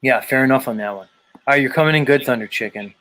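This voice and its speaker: A man's voice: mid-range voice, quick pace, sharp tone. A man hosting a livestream show, chatting loosely with guests and the chat, swearing freely. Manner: loose and profane, talks to the chat. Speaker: livestream host.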